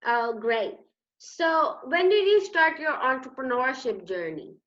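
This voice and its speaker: A woman's voice: high voice, very animated, unhurried, a bit bright. A woman hosting a casual interview over a video call, asking friendly questions and affirming her guest. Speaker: interview host. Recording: dull lo-fi call audio.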